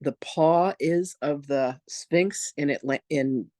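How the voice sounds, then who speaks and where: Animated man with a higher voice. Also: slow pace, dry recording, clean studio sound. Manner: animated, acts out quoted voices, casual and candid. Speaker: spiritual teacher and reverend. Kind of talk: personal storytelling in an online masterclass.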